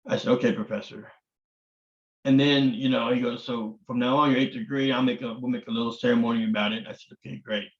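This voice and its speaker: A man's voice: mid-range voice, steady tone, quick pace. An older man, a martial arts grandmaster, answers an interviewer with long, candid stories. He talks bluntly and swears, and he acts out the voices of the people he quotes. The audio sounds roomy and dull, like a lo-fi recording.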